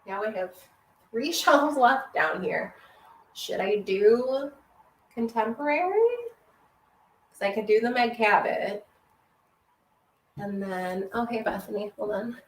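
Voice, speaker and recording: A woman's voice: fairly high pitch, slow, long pauses, recorded from a distance. A woman book vlogger chatting casually to herself while shelving books at home. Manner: chatty, musing, half to herself. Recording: roomy, off-mic with faint ambience.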